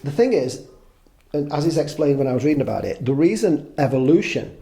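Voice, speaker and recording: A man's voice: on the high side, lively intonation, fairly quick, gravelly, dark tone. A man in his fifties, a podcast guest, chatting casually in a rambling way, swearing freely and making fun of himself. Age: 50s. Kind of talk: casual conversation.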